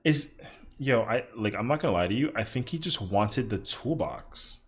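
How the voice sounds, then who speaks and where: A man's voice: mid-range voice, lively intonation, moderate pace. A young man casually commentating his own gameplay on a livestream, swearing in frustration and chatting with viewers. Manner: frustrated, swearing, talking to chat. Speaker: streamer.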